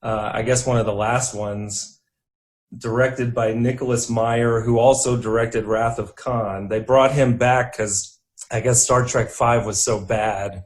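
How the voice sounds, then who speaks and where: An easygoing young man at a middle pitch, co-hosting a relaxed chat about movies. He talks in loose, rambling runs with plenty of fillers and breaks into laughter often. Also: unhurried. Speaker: podcast co-host. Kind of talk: casual chat.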